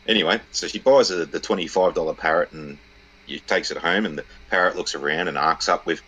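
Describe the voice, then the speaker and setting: Deep, husky man telling jokes. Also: brisk, pushed and bright, poor audio. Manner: crude, laid-back storyteller. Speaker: podcast co-host. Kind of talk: telling a crude joke in casual chat.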